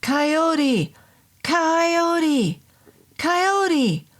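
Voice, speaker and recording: A woman reading a horror story voices a desperate man shouting up at a demon, yelling in a strained, high voice. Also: slow pace, lightly acted. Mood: frantic shouting.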